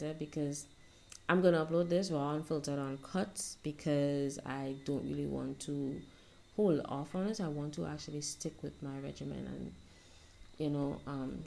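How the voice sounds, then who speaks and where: Young woman vlogger, low gravelly voice, soft and rambling, home phone recording. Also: a little hiss or hum. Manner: soft-spoken, rambling, reflective. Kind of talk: casual self-help vlog monologue.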